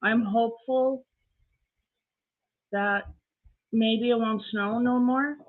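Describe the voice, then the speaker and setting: A woman's voice: on the high side, steady tone, slow. A Canadian woman hosting a casual live stream, chatting and greeting viewers by name. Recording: tinny phone-like audio.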